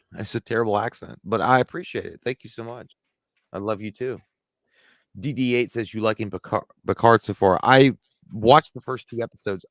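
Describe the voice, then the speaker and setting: Live-stream co-host, male, lowish voice, dry close sound; casual, profane, rambling. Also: a bit bright, no room sound. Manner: loose, profane, rambling answers to chat. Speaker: live show co-host reading chat.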